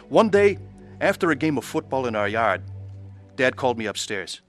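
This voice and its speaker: A man's voice: medium pitch, sing-song, moderate pace, a bit bright, soft background music. A man narrating his own faith testimony in an earnest, pleading way and acting out the scenes. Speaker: narrator of his conversion story.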